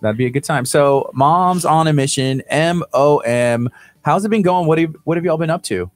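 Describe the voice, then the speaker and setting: A man's voice: fairly high pitch, moderate pace, no room sound, faint music behind. A young man hosting a radio morning show in a studio, joking and teasing his guests and laughing often. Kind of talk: casual studio banter.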